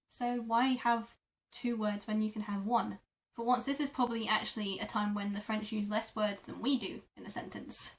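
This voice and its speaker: A woman teaching a beginner French lesson, saying each word slowly and repeating it. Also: fairly high pitch, recorded from a distance. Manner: slow, careful demonstration of words. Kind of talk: repeat-after-me language lesson.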